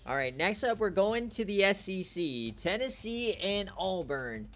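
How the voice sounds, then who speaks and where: Joking, excitable male game streamer. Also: sits high, a little slow, soft background music. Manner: joking, trash-talking, gets loud and excited at big plays. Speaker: online league host and streamer. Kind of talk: casual live-stream game commentary.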